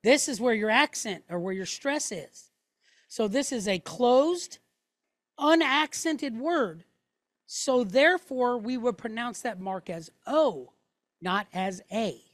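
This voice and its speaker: A woman with a somewhat high voice teaches slowly and patiently, laying out each point step by step. She checks in with her listeners again and again. The sound is close and dry, with no room echo. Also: animated. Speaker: Hebrew teacher. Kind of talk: classroom teaching.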